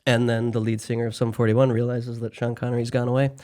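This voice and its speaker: A man's voice: mid-range voice, flat delivery, fast talker, a little mellow. A man co-hosting a podcast, chatting casually about a film with jokey, sarcastic asides. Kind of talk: casual movie recap chat.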